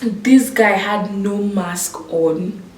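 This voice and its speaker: A woman's voice: mid-range voice, drawn-out words, echoey room, distant mic, rough recording. A young woman telling a dramatic story to her viewers, acting out what people said. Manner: animated storytelling, acts out quoted voices. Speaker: vlogger. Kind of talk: storytime vlog.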